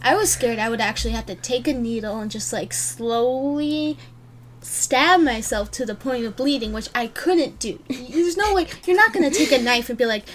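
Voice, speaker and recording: A woman's voice: a little high, moderate pace, slight background noise. Giggly young woman chatting casually. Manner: giggly, storytelling with acted-out quotes. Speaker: co-host. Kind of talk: casual chat.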